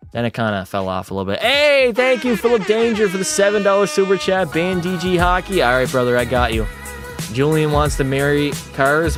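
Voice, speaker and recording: A Canadian man with a fairly high voice chats on a gaming livestream, bantering with his viewers and answering their messages. His talk jumps up and down in pitch as he reacts. Faint music plays behind him. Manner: chatty, bantering with chat, animated jumps in pitch. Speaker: gaming streamer. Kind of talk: casual livestream chat, reading out viewer messages.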